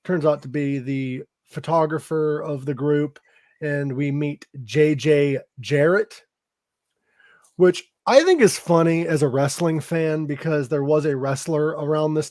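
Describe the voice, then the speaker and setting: A podcast host with a slightly high, somewhat mellow voice recaps a film at an unhurried pace. His retelling is loose, casual, and profane, peppered with laughs and fillers like "um" and "like."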